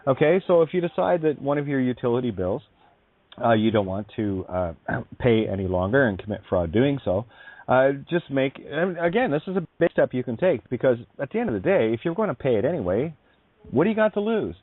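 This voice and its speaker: A man's voice: medium pitch, expressive, a little fast, no echo. A man hosting a spiritual talk radio show, effusive and rambling, calling his guest honey. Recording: dry tinny phone-like line.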